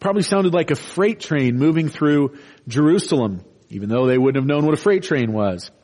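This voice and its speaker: A man's voice: on the high side, expressive, normal speed, darkish tone. A man preaching an expository sermon in an earnest, explanatory way, stopping to restart and building emphasis as he goes.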